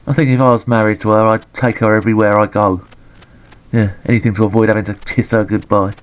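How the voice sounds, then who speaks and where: A man giving sweary, deadpan, sarcastic commentary on a retro game. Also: fairly low pitch, fast.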